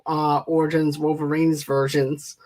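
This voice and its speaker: Male co-host, a bit higher voice, relaxed movie plot rundowns. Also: measured pace. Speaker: podcast co-host. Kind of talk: casual movie review chat.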